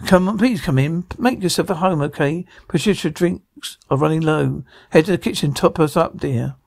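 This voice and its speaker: A man's voice: a little high, normal speed, vocal fry, a little mellow, no room sound, studio quality. A man reading every part of a drama aloud, sound cues included, with slips and restarts. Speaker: radio show reader voicing a TV drama.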